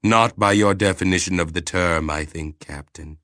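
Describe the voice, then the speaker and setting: A man's voice: low voice, bright, forceful tone, dry recording, studio quality. A man voicing an ancient, clinical alien mind. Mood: detached. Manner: clinical, measured, literal-minded. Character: ancient calm alien planetary mind, sexless.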